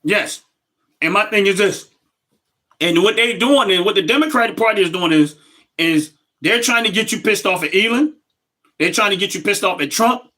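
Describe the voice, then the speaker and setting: A man's voice: high-pitched, moderate pace, pauses often, sharp tone. A middle-aged man, hosting a casual livestream and talking emphatically straight to his viewers. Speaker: livestream host.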